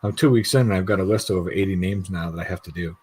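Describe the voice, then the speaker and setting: A man's voice: low-pitched, rapid-fire, a little mellow, husky, rough recording. A middle-aged man rambling and laughing in casual chat on a video call, swearing freely. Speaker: guest YouTube creator.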